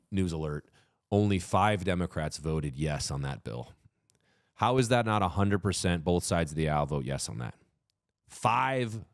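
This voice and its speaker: A man co-hosting a podcast, talking politics in a heated, profane way that climbs into loud mock rants. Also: a bass voice, dry recording, studio quality. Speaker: podcast co-host. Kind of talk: casual political chat.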